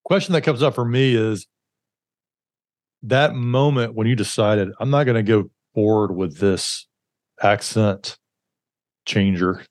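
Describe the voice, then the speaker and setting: A man with a fairly low voice hosts an interview, affirming his guest and circling through long questions before landing them. The sound is dry, with no room echo. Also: measured pace, pauses often. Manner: encouraging, affirming, rambling questions. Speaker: podcast host. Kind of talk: interview conversation.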